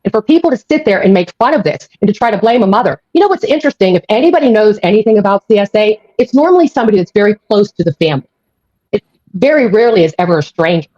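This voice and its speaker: A woman's voice: medium pitch, expressive, racing, dark tone, dry recording. Angry woman ranting on a stream. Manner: angry, profane, repeats herself. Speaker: live-stream host. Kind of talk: heated live-stream rant. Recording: dull lo-fi audio.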